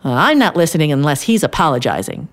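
A woman voicing a grumpy older man in a storybook tale, huffing and shouting about a shady spot. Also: deep voice, sing-song, quick pace. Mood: fuming. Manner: indignant, loud. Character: grumpy older man quarreling over shade.

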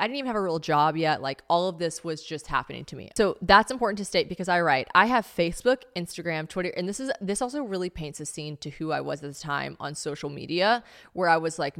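Podcast host, woman in her late twenties, slightly low voice, rambling and self-deprecating, swears a lot. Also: fairly bright tone. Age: late 20s. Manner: chatty and self-mocking, swears freely. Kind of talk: casual solo podcast monologue.

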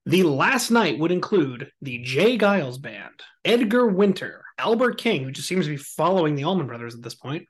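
A man hosting a podcast, telling a story in a casual, animated and joking way. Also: a little high, moderate pace, few pauses, husky. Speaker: podcast host.

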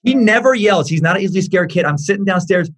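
Man in his forties, podcast guest, higher-pitched voice, animated storyteller, acts out voices, swears casually. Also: fast, background noise.

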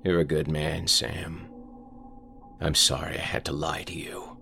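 A man's voice: very deep voice, little pitch movement, measured pace, creaky, bright, forceful tone, soft background music, full character voice. A man voicing a haunted man who is secretly a soul-taking reaper, speaking in a grave, matter-of-fact way. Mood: cold calm.

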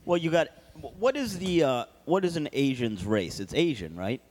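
A man's voice: a little high, very animated, normal speed, darkish tone. A man co-hosting a podcast, answering in a dry, straight-man way with casual jokes. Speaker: podcast co-host. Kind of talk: casual comedic chat.

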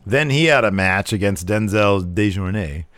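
A man's voice: fairly low pitch, normal speed, no echo. A man chatting casually as a podcast co-host, recapping wrestling and acting out quotes in funny voices. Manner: animated, acts out quotes in voices.

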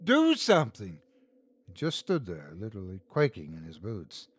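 A man reading a horror story aloud as host and narrator, tense and dramatic, shouting out the characters' lines. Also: on the low side, wildly swooping pitch, normal speed, husky, dry recording.

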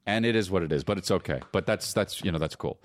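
A man and comedian chatting casually on a podcast, animated, swearing and acting out scenes. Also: deep voice, quick pace, dry recording. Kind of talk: casual chat between brothers.

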